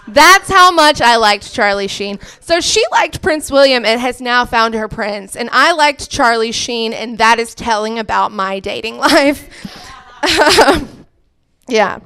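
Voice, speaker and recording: Young woman, stand-up comedy, self-mocking, chatty, higher voice, smooth and clear. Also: expressive, measured pace, bright, forceful tone.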